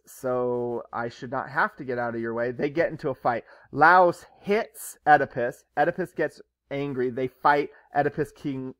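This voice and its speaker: A man's voice: medium pitch, dry recording. Chatty male teacher, dry close sound. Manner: chatty, joking storytelling with quick voiced asides. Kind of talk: casual classroom lecture.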